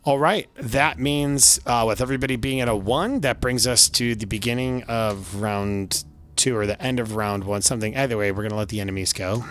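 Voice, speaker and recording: A man's voice: mid-range voice, fairly even intonation, fairly quick, a bit bright. A man running a tabletop game as game master, loose and chatty with lots of fillers. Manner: loose and chatty, many fillers, laughs often.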